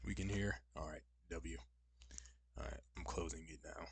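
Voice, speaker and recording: A man's voice: very deep voice, steady tone, normal speed, gravelly, slightly rough, dry recording. A young man live-streaming, chatting casually and rambling to his viewers with slangy asides. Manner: rambling, talks straight to chat with slangy asides.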